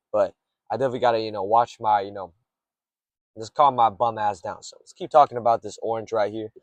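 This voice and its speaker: A man's voice: medium pitch, no echo. A young man rambling late at night from a parked car in a garage, swearing often and drifting off topic. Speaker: streamer rambling to camera.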